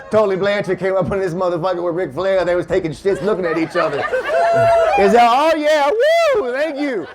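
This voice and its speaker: A man's voice: sits high, steady tone, normal speed, very noisy. A man from Kentucky doing a loose, profane stand-up set at a winery, chatting with the crowd and laughing at his own jokes. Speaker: stand-up comedian. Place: winery comedy show before a live audience. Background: audience laughter.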